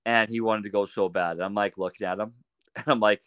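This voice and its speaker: A man on a podcast as a guest, telling animated anecdotes in a casual way and laughing often. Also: lowish voice, fairly quick, clear, resonant tone, dry recording. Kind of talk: casual storytelling.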